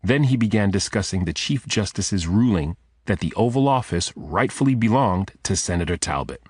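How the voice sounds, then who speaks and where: A man narrating a thriller audiobook in a measured, steady storytelling manner. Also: lowish voice, slightly rough, no room sound. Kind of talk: scripted narration.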